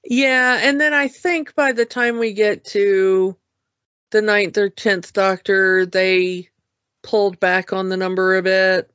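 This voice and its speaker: A relaxed podcast co-host in casual chat, talking at an unhurried, slow pace and leaning on filler words. The recording is dry and close, with a dull lo-fi tone. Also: mid-range voice, clean tone, no echo. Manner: relaxed, many "you know" fillers. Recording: dull lo-fi sound.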